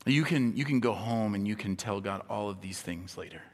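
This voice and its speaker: A man preaching a sermon as pastor, impassioned, swinging between hushed tones and near-shouting. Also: lowish voice, normal speed. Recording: long hall reverb.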